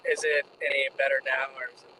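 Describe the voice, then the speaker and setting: A man's voice: medium pitch, flat delivery, fast talker, pushed and bright, poor audio. A man co-hosting a podcast from inside a car, defensive and stammering. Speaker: podcast co-host. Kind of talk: casual podcast banter. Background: car noise.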